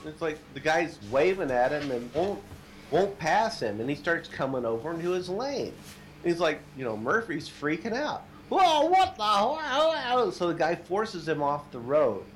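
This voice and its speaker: A man telling a long, funny anecdote in casual chat, shouting out the quoted lines with gusto. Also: fairly high pitch, moderate pace, a little hiss or hum. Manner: animated storyteller, shouts quoted lines, laughs at own stories.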